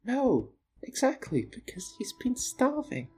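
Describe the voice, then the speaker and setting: A woman's voice: fairly high pitch, sing-song, a little slow, warm tone, breathy edge. A woman playing a tabletop game, talking earnestly and laughing often. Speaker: player. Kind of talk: tabletop game play, casual banter.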